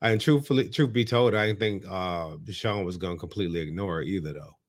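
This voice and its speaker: A man's voice: sits low, a little fast. A man co-hosting a podcast, chatting in slangy, profane, playful banter. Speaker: podcast co-host. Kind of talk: casual chat recapping a reality show.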